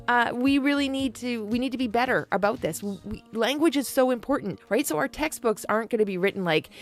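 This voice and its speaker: A woman in her forties talks frankly in a playful, animated monologue, and her voice sits a bit high. She calls her listeners affectionate pet names. Faint music plays behind her. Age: 40s. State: perimenopausal. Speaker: podcast host. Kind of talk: casual monologue.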